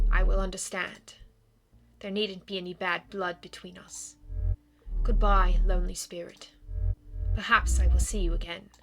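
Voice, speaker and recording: A woman voicing a refined, sad female vampire ghost as she reads a game's dialogue aloud in a soft, formal, melancholy way. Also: medium pitch, close to an everyday voice. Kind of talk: reading game dialogue aloud.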